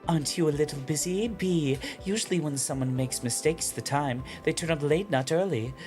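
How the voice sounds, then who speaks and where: A man's voice: a little high, normal speed, darkish tone, faint music behind, voice pushed up, close to an everyday voice. A man putting on a teasing woman teacher.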